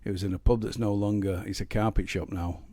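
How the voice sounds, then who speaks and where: Here the same kind of Northern English, Manchester-area singer-songwriter, middle-aged, talks fast between songs on his live home stream. The voice is lowish, steady and dark with no echo, and his storytelling rambles bluntly, with lots of fillers, restarts and humor.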